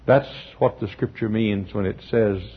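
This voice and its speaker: A male pastor preaching a sermon in a church, telling stories, acting out the people in them and often clearing his throat. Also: on the low side, normal speed. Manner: storytelling, acting out quotes, frequent throat clearing. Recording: dull lo-fi sermon recording.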